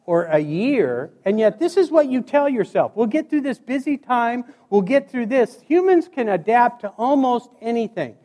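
This motivational speaker from Montana, USA has a high, darkish voice and a joking manner. He gives a humorous keynote on stage before a live audience, acting out stories with sound effects.

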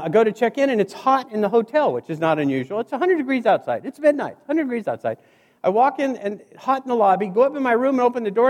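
Guy telling funny stories onstage, high lively voice, big echoey hall. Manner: animated storyteller acting out dialogue. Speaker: keynote speaker. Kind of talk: humorous motivational speech. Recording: hall reverb.

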